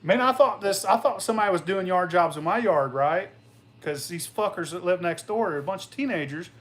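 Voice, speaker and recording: A man's voice: high voice, fairly quick. A man hosting a casual show, telling rambling, profane stories about his past and laughing along as he goes. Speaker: host. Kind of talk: casual storytelling.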